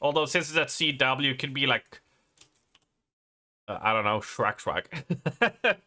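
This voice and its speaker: A man's voice: mid-range voice, expressive, slow pace, bright, forceful tone. A man, chatting casually and rambling on a live stream, laughing and swearing as he goes. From Sweden.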